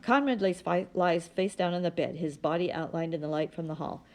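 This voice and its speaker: A woman reading a novel aloud in a steady, plain manner. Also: lowish voice, fairly quick. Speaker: audiobook reader.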